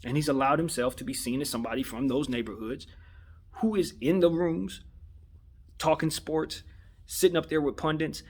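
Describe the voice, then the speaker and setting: A man's voice: a little high, steady tone, moderate pace, a little mellow, slightly rough. A man from Los Angeles giving his opinion in a casual monologue, conversational and slangy, often repeating himself for emphasis. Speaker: vlogger giving sports opinion.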